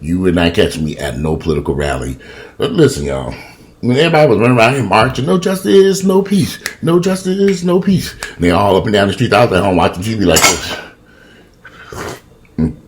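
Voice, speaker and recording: A man's voice: low-pitched, big pitch swings, quick pace, a little hiss or hum. A man in his fifties ranting profanely and animatedly in a casual home vlog, filming himself on a camera in his kitchen. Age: 50s. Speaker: vlogger.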